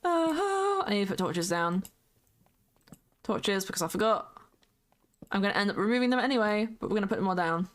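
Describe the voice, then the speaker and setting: A woman streamer chats casually with viewers while playing a game, greeting them by name and humming along to music. Her mid-range voice is very animated and fairly quick.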